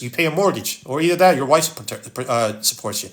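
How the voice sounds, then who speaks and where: Live-stream host, man, Philadelphia accent, higher-pitched, blunt and no-nonsense while reading comments. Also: animated, fast, fairly bright tone. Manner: blunt, wisecracking, reads viewer comments aloud. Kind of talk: casual live-stream chat.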